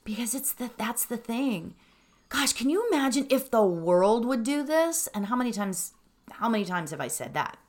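A middle-aged woman teaching meditation, chatting with animated reflection and then guiding breathing in a calm, soft voice. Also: a little high, moderate pace. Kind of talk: casual talk leading into guided meditation.

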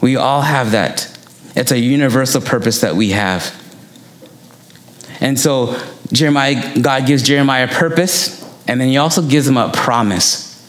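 A man's voice: medium pitch, moderate pace, long pauses. A man preaching a sermon, telling personal stories in a conversational way and quoting himself as he goes. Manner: conversational, anecdotal, quotes himself. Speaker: preacher and missionary. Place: church. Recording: echoey church room.

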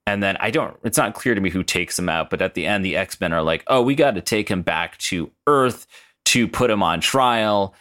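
A man's voice: low voice, moderate pace, a bit bright. Rambling man recapping a game tape. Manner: rambling, swears, laughs at the story. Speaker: podcast co-host. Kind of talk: casual solo recap.

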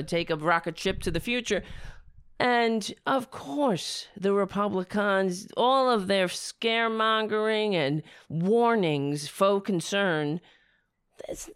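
A woman hosting a political talk show, speaking in a sarcastic, rambling way while her voice is going hoarse. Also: medium pitch, dry recording, clean studio sound. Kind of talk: casual opinion commentary.

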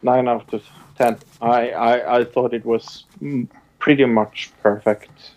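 A man co-hosts a casual movie review chat in a slow, unhurried way. He is blunt and laughs easily. His audio sounds muffled and lo-fi. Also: mid-range voice, steady tone, darkish tone. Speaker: podcast co-host.

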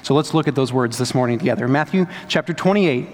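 A young adult man, preaching a sermon as a pastor in a conversational, storytelling way with lively asides. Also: medium pitch, fast talker. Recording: long hall reverb.

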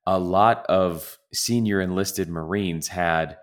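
Speaking slowly in a low voice, a man co-hosts a relaxed soccer podcast. His talk wanders, breaking off and starting over again and again.

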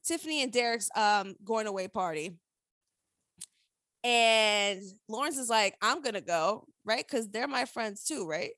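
A woman recapping a TV episode in casual chat, animated, opinionated and profane. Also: fairly high pitch, unhurried, no echo.

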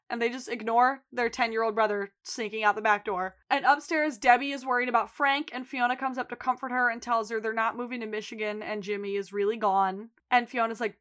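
A woman's voice: on the high side, fairly quick, hardly any pauses. A woman co-hosting a podcast, casually and animatedly retelling scenes and acting out the characters' lines. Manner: animated retelling, acts out quotes. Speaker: podcast co-host. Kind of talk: casual recap chat.

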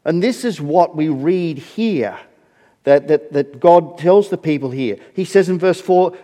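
A man's voice: a little high, animated, a little slow, dark tone, big-room sound. A man from Scotland with a Scottish accent, preaching a sermon in a conversational, storytelling way. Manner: conversational storytelling, self-deprecating. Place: church.

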